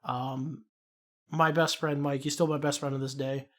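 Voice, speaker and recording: Here a young Chicago man speaks at medium pitch and a moderate pace while co-hosting a podcast. In relaxed chat he tells long-winded, profane stories with animated energy.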